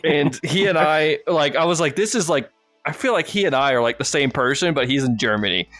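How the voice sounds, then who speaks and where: A man's voice: fairly high pitch, expressive, brisk, a bit bright, no room sound, soft background music. Laid-back young man hosting a podcast. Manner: rambling storyteller, swears freely, laughs often. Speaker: podcast host. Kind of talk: casual chat.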